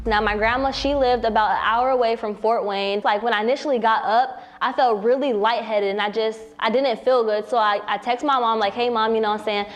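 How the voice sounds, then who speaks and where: A young woman with a fairly high voice tells her own story in a relaxed, conversational way. She keeps dropping "you know what I'm saying" and slips into the voices of the people she quotes. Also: a little fast, few pauses. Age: young adult. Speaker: young mother interviewed on camera. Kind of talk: personal storytelling.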